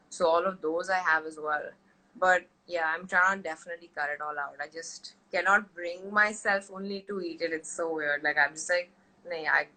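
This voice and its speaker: A young woman talks freely as a guest on an interview show, her voice bright and forward with a slightly low pitch. She tells animated stories, acting out quoted lines between the chat. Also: rough recording. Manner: chatty, animated storytelling with quoted voices and laughs. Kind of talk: casual chat.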